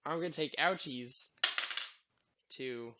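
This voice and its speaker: A man's voice: medium pitch, slow pace, very noisy. A man playing a tabletop role-playing game, joking and talking as his character in first person. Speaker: player. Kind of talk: casual tabletop game play.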